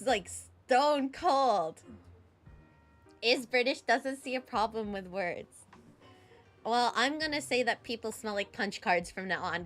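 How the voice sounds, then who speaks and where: A young woman streamer reacting to a game, giggly and animated. Her voice is high and bounces all over, yet her words come slowly and drawn out. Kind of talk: live game reaction, casual.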